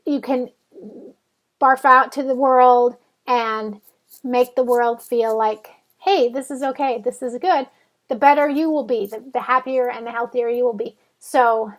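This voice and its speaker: A woman's voice: high-pitched, a bit bright. A woman vlogging in a chatty, rambling, self-mocking way while dealing with back pain. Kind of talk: casual storytelling vlog.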